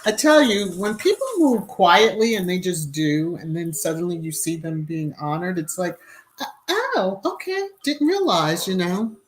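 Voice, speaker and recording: A woman hosting a casual live stream, chatting and greeting viewers by name between relaxed asides. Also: lowish voice, moderate pace, few pauses, soft background music.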